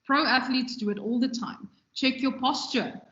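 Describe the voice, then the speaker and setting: A woman with a somewhat high voice delivers a relaxed, conversational lecture on radio production. The sound is roomy and echoey. The recording is dull and lo-fi. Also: normal speed. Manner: conversational, gestures freely with her hands.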